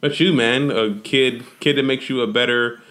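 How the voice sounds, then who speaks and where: A man in casual conversation, talking reflectively about family and fatherhood, often halting and restarting. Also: medium pitch, fairly even intonation, fairly bright tone.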